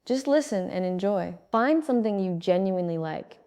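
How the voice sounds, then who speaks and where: Smooth, mellow-voiced woman teaching English. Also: mid-range voice, normal speed. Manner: calm, steady, clearly enunciated teaching. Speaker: English speaking coach. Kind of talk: scripted instructional narration.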